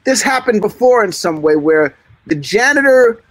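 A man co-hosting a live podcast, recounting scenes in a relaxed, repetitive way. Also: sits high, normal speed, no echo. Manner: relaxed storytelling, repeats phrases. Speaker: podcast co-host. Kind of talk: casual chat at a live podcast taping.

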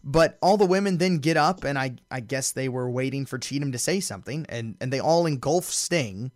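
A man's voice: mid-range voice, lively intonation, moderate pace, no echo, clean studio sound. A man hosting a podcast, recapping a wrestling show in casual chat, amused and storytelling with frequent fillers. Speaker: podcast host.

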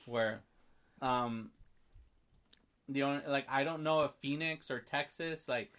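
Bright, animated man telling a story. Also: unhurried, clean tone. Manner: animated storyteller, acts out lines with big jumps in pitch and loudness, swears. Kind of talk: casual chat recapping a film.

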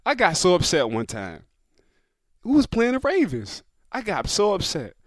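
Ex-player co-host, animated raconteur, voice leaps around, dry mic. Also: male voice, normal speed, dry recording. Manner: animated storyteller who acts out quotes, jumping high and dropping low. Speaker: co-host, former football player. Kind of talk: casual storytelling chat.

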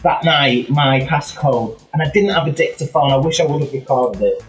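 An English man with a voice on the high side chats at a moderate pace over music, and the sound is roomy. As a talkative guest in a casual conversation, he tells animated anecdotes packed with asides.

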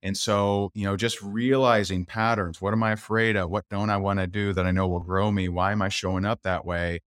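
A man guest on a podcast, telling personal stories candidly and acting out other people's lines in lively voices. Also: on the low side, a little fast, smooth, no room sound, clean studio sound. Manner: animated storyteller who acts out other people's voices. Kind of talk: candid interview storytelling.

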